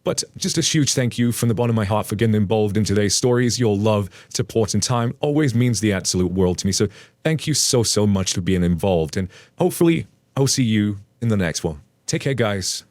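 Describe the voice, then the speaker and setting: A man's voice: lowish voice, a little fast, dry recording. Dry-voiced man reading a story aloud. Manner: animated storytelling with playful asides. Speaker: story narrator. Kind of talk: reading a story aloud, then casual commentary.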